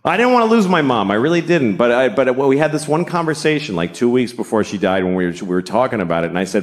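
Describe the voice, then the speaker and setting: A middle-aged man doing a stand-up comedy set, deadpan and profane, building to shouted rants. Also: mid-range voice, fast talker, few pauses. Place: comedy stage before a live audience.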